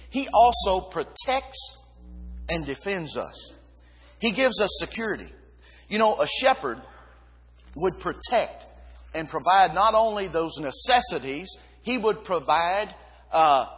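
A man preaching a sermon, reading scripture and repeating key words with emphasis, pausing between short phrases. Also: high-pitched, fairly bright tone, breathy edge. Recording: long hall reverb.

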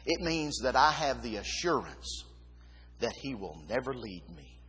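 Male preacher, emphatic sermon, very lively pitch, reverberant hall. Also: unhurried, background noise. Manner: emphatic, dropping to a hush and rising again.

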